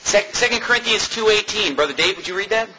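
An American pastor preaching a sermon in an animated, mocking way, laughing often. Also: male voice, high-pitched, fast talker, a little hiss or hum, poor audio.

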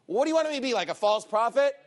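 Preacher guy, high voice all over the place, sarcastic and mocking, loud then quiet. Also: rapid-fire. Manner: mocking, sarcastic asides with put-on quotes; animated, swings between loud and low. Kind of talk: sermon.

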